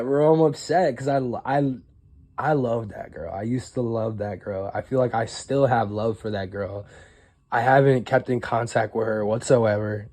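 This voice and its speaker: A man's voice: mid-range voice, mellow. A young man in a rambling, profane casual monologue to camera, full of fillers and rueful disbelief. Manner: rueful, incredulous. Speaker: vlogger.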